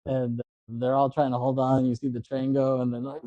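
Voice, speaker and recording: A man's voice: medium pitch, no echo, lo-fi sound. A man in his thirties co-hosting a podcast, casually retelling a movie scene by scene and acting out characters' lines. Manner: animated, acts out movie lines in quick impressions. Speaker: podcast co-host. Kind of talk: casual chat recapping a movie.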